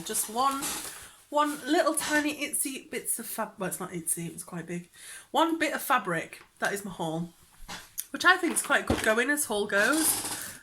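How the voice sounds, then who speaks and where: A young woman who makes cross-stitch vlogs chats casually, rambling and giggling, and sometimes drops into a whisper when excited. Her voice is on the high side, and there's noise in the background.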